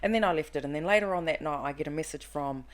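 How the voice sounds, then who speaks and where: A woman in her thirties talks on a casual podcast, her voice sitting low. She tells a personal story with animation and acts out the quotes along the way. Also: quick pace. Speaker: podcast guest.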